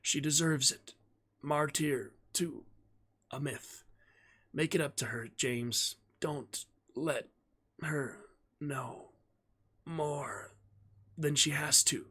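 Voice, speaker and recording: A man voicing a dying, feverish male doctor who speaks haltingly, breaking off mid-phrase. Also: a little high, sharp tone, husky, full character voice. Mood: gasping.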